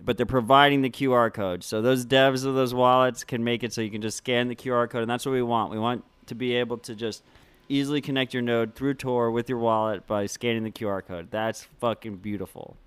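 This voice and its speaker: A man's voice: mid-range voice, fairly even intonation, a bit bright, clean tone, dry recording. A man co-hosting a podcast, talking casually with many restarts and eager asides. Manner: halting, many restarts, enthusiastic. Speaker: podcast co-host. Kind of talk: casual chat.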